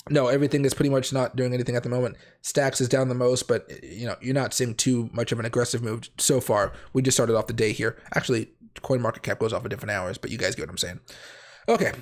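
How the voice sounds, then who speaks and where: Male livestream host, hoarse with a cold, rapid and rambling, self-correcting. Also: medium pitch, steady tone. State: raspy voice from a cold. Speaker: crypto trading livestream host. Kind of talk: casual livestream chat.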